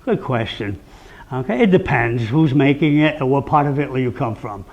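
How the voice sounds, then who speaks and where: A man's voice: medium pitch, moderate pace, lo-fi sound. A man with a Rhode Island accent giving a chatty talk to a live audience, often checking in with "okay?" and acting out quoted voices. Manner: acts out quoted voices, animated. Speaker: speaker on local traditions.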